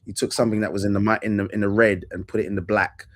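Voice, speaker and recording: Chatty, animated man reviewing a film. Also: on the low side, very fast. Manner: animated, talkative, enthusiastic, many restarts. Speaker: panelist on a film review show. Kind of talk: casual chat.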